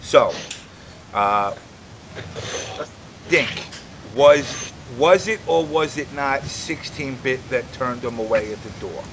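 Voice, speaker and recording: A man hosting a live show and moderating an argument, calm and halting with many fillers. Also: mid-range voice, noisy background. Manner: calm, halting, full of fillers, steering the talk. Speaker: host and moderator.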